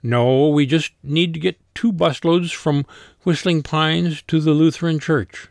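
Audiobook: man doing a snappy, sarcastic woman, raised pitch, blunt delivery. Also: steady tone, a little slow, creaky, no room sound, clean studio sound. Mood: persuasive. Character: sarcastic blunt woman, nursing home coworker. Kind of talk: audiobook character voice.

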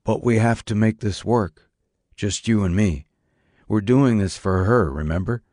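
A man's voice: lowish voice, measured pace, no echo, clean studio sound, natural voice. A man voicing a worn-out, concerned father who questions and then soothes, in an audiobook reading. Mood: gentle. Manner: tired, questioning, gentle at times. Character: weary middle-aged father, worn out but concerned.

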